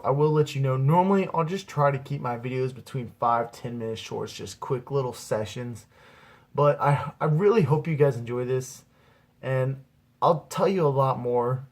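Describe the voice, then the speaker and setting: A young man tells a story straight to the camera in a relaxed, rambling way, swearing freely. His voice is husky and sits at an ordinary male pitch. He keeps it casual, as if chatting with friends. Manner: rambling, profane, laid-back. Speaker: aspiring comedian vlogger.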